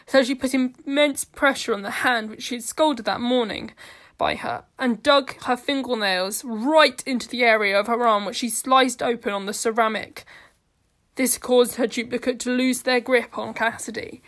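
A woman reads a story aloud with steady, earnest narration. Her voice is a touch higher than most. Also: moderate pace. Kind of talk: storytelling reading.

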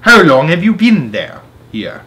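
A man voicing a stern, hot-tempered male yogi who yells in anger while reading a storybook aloud. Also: on the high side, big pitch swings, takes it slowly, pitched above the performer's own voice. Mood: sharp. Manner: shouting, sharp and angry.

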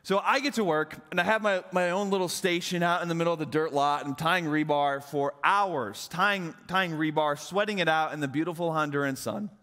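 Young guy pastor telling a story in church, bit high voice, big reverby hall. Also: normal speed, hardly any pauses. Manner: animated, self-mocking storyteller. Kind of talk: sermon with storytelling. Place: church auditorium.

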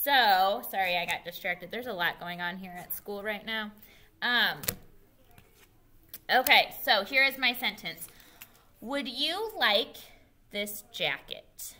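A woman teacher giving an early reading lesson to young children, spelling words out slowly and praising them. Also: medium pitch, sharp tone. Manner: slow, clear spelling aloud and encouraging praise. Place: school.

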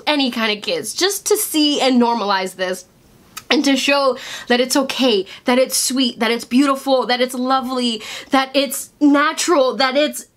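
A young woman in her twenties with a fairly high voice gives an emotional reaction to an animated show. She exclaims excitedly and talks through tears. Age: 20s. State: crying. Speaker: reaction video host.

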